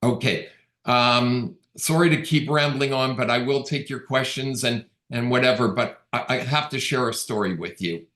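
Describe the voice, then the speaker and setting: A middle-aged Canadian man, a real estate agent, tells stories casually during a webinar talk, quoting dialogue as he goes. His voice is mid-pitched and a bit bright at a normal pace, captured over a video call with roomy echo.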